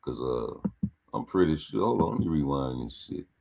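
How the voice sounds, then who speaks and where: Deep-voiced man with blunt street slang. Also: moderate pace, gravelly. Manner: animated, talks back at the fighters on screen. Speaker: boxing commentator. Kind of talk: casual fight breakdown commentary.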